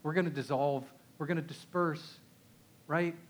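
A man's voice: on the high side, steady tone, normal speed, slight background noise. Conversational Texan man preaching. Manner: conversational, emphatic, asks the audience rhetorical questions. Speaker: pastor. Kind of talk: sermon.

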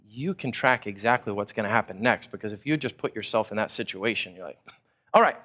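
A man from Texas, preaching a sermon and acting out people's thoughts in a casual, animated way. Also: on the low side, a little fast. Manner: animated, acts out listeners' thoughts in casual paraphrase. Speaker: pastor.

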